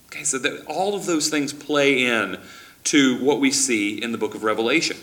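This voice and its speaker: A man delivers a sermon in a relaxed, conversational teaching style, stumbling and restarting often as he thinks aloud. His voice is bright and forward, sitting around the middle of the male range. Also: mid-range voice, moderate pace. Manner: conversational teaching with frequent restarts and acted-out quotes. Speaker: preacher.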